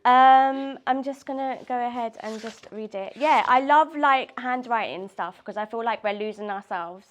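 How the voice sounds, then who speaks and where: A woman's voice: on the high side, normal speed, few pauses, highs cut off. A woman poet chatting loosely and laughing often, then reading her own poems at a live event. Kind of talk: poetry reading and casual chat.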